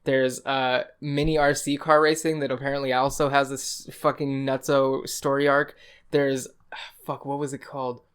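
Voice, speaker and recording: A man's voice: mid-range voice, flat delivery, normal speed, a bit bright, clear, resonant tone. A young man co-hosting a podcast in casual chat, rambling and swearing as he retells game scenes with a laugh. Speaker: podcast co-host.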